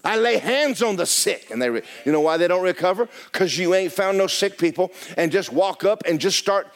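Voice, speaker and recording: Male pastor, lively swooping pitch, hushed-to-shouting sermon delivery. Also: a little fast. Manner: animated preaching, swinging from hushed to shouting. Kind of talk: storytelling sermon. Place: church sanctuary.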